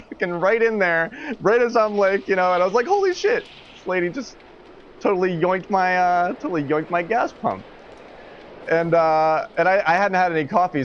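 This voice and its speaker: A man's voice: mid-range voice, a bit bright. A man casually telling a story to a live stream chat at home, rambling, swearing often and laughing as he goes. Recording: dull lo-fi stream audio with faint noise.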